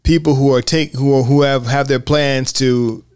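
A man's voice: medium pitch, steady tone, moderate pace, a little mellow, clean tone, no room sound. Man co-hosting, dry close sound. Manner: chatty, repeats words as he talks. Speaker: podcast co-host. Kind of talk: casual film discussion.

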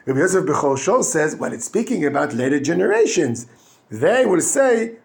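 Rabbi, high and gravelly, lively teaching delivery with frequent restarts. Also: male voice. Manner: animated, acts out quoted speakers in raised voices; halting restarts while searching for English words. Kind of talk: weekly Torah talk.

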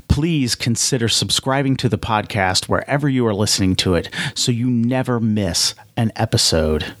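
A man's voice: lowish voice, expressive, unhurried, fairly bright tone, no echo. A man hosting a podcast where he narrates a solo tabletop game, speaking in a thoughtful, hesitant way.

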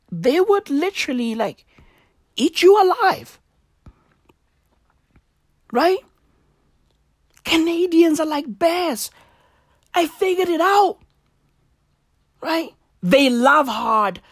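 Woman, comedic rant, lively swooping pitch, slow drawn-out delivery, profane slang, dry close sound. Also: slightly rough, no echo. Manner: animated, bursts into laughter and shouts.

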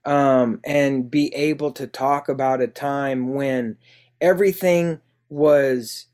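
A man's voice: mid-range voice, fairly even intonation, slow pace, a little mellow, clean tone. A man hosting a casual conversation, hesitant, with short reactions and filler words.

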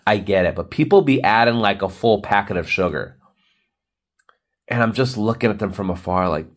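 Guy in his 30s ranting on his podcast, laughs a lot, voice jumps way up when he gets going. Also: moderate pace. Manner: rambling, laughs often, jumps into high exclamations. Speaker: podcast host. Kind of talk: solo comedic rant.

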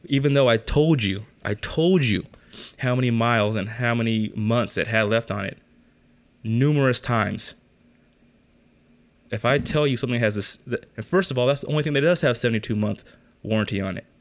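A man's voice: medium pitch, normal speed. A young man hosting a podcast, telling a story in a casual rant, exasperated and full of swearing. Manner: exasperated, profane ranting. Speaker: podcast host.

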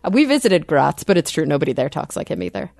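A woman co-hosting a podcast, chatting casually in long animated run-on sentences. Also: on the low side, quick pace, creaky, no room sound, clean studio sound. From United States. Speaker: podcast co-host. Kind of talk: casual chat.

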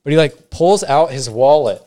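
A man's voice: a little high, normal speed. A young man from Arizona telling a story in casual chat, quoting the people in it and laughing often. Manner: animated anecdote with quoted voices and frequent laughs.

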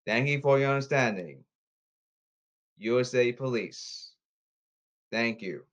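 A man podcasting alone in a repetitive, halting, pleading monologue. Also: medium pitch. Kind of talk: rambling solo monologue. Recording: slightly dull lo-fi audio.

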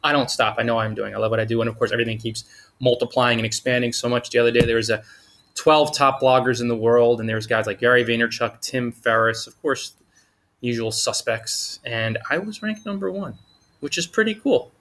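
A man's voice: mid-range voice, brisk, a bit bright. Enthusiastic man giving casual blogging tips. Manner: upbeat, enthusiastic, informal with slang. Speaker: blogging coach. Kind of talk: casual motivational talk.

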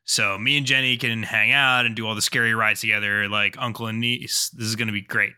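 A man's voice: fairly low pitch, little pitch movement, a little fast, sharp tone, clean tone. A man, telling a rambling story on a casual podcast, with lots of fillers. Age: 30s. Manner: rambling, loose, with frequent fillers. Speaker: podcast co-host.

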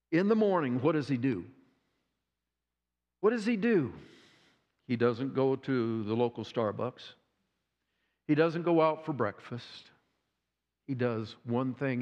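A man preaching a sermon, retelling a story dramatically with repeated phrases and pauses. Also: mid-range voice, darkish tone. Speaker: pastor. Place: church sanctuary. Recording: dull sound with long hall reverb.

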